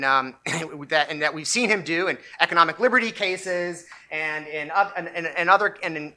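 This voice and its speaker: A legal lecturer with a bright, ringing voice walks through a court ruling point by point. The delivery is analytical and emphatic, with frequent restarts as the speaker rephrases mid-sentence. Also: mid-range voice. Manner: emphatic when stressing key points. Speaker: legal commentator.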